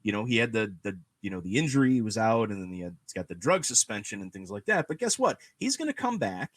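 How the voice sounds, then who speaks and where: Man, podcast host, animated rant, lively swinging pitch, dry close sound. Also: fast, no room sound. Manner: animated, ranting, lots of "you know" and "guess what". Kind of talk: casual chat.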